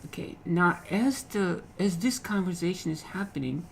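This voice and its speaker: Male lit teacher, gravelly fry voice, halting, repeats phrases, faint background hiss. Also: high-pitched, poor audio. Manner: repeats phrases, frequent "okay?" checks, halting restarts. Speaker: literature teacher. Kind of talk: explaining a poem in a lecture.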